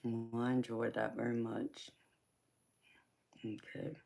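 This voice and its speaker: A woman with a Southern US twang, softly chatting with her livestream viewers and calling them honey and baby. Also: very deep voice, steady tone, slow pace. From California. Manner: soft-spoken, affectionate, calls viewers honey and baby. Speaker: livestream host and tarot reader. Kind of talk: casual live chat with viewers.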